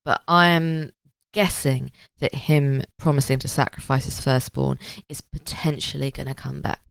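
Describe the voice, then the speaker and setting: A woman with a low, gravelly voice recaps a TV episode in loose, jokey chat, swearing as she goes. The mic is close and dry with no room sound. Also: level tone, measured pace, no echo. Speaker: podcast co-host. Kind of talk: casual chat recapping a TV show.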